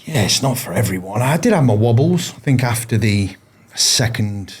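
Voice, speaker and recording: A man's voice: mid-range voice, expressive, normal speed, slightly rough. A man, a former paratrooper, telling his stories in a casual interview, rambling with frequent restarts and fillers. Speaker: podcast guest, former paratrooper.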